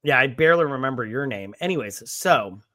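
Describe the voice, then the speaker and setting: A man hosting a casual movie review after drinking, rambling and profane, with sudden loud acted-out lines. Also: medium pitch, lively intonation, a little fast, dry recording, studio quality. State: has been drinking. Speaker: podcast host.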